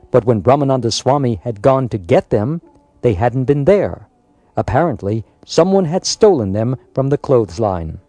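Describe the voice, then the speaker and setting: A man reading a biographical story aloud in a measured, scripted narration. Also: mid-range voice, dark tone, no echo. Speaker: audiobook narrator.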